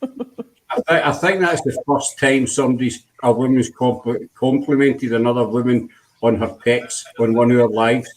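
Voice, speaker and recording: A man's voice: medium pitch, fairly even intonation, normal speed, a little mellow, low-quality recording. A man hosting a loose live-stream chat. He talks in a laid-back, meandering way, full of ums and you-knows. His voice sits in a middle register. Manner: laid-back, rambling, frequent fillers. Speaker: host.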